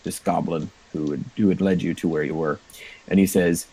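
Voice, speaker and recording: A man narrating a tabletop role-playing game as game master, in a relaxed, meandering way with many fillers. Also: sits low, normal speed, breathy edge, rough recording.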